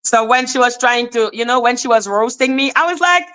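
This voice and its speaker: A woman hosting a livestream, telling a story in a casual, animated, profane way, often laughing and breaking into shouts. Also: fairly high pitch, fairly quick, clear, resonant tone. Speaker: host.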